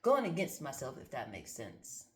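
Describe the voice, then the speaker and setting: Casual woman card reader, low-pitched, blunt and musing; roomy sound. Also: wildly swooping pitch, moderate pace. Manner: musing, candid, swears freely, thinks aloud. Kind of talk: casual spiritual card-reading monologue.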